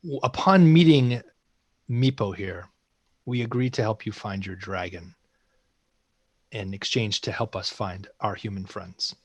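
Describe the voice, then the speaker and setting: A formal, courtly human adventurer, played by a man in a low, unhurried voice. He chooses each polite word with care, and the sound is dry and close over a video call. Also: no room sound.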